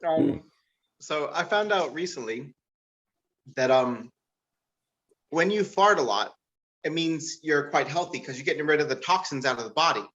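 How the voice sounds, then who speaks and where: Guy doing stand-up on a stream, kinda high voice, giggles thru his stories, squeaky when he does other ppl. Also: expressive, moderate pace, long pauses, fairly bright tone, muffled recording. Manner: laughs at his own jokes, loose and rambling with many fillers; jumps to a much higher pitch to act out quoted people. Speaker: stand-up comedian. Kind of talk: live-streamed stand-up comedy.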